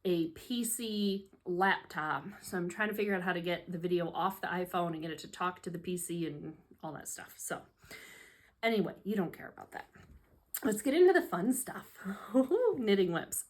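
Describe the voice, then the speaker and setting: A woman's voice: on the low side, moderate pace. Chatty self-mocking woman vlogger, lilt. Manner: self-deprecating, sarcastic, laughs a lot. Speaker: hobby vlogger. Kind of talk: casual chatty vlog. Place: home room, seated at a tray table. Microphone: phone camera.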